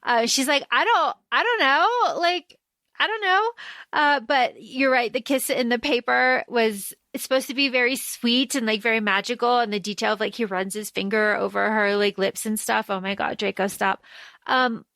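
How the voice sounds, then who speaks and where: A woman on a casual fan podcast with a fairly high voice. She recaps eagerly and slips into lower or higher voices for quoted lines. The sound is dry and close to the mic. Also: steady tone, normal speed, creaky, fairly bright tone, no echo. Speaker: podcast co-host.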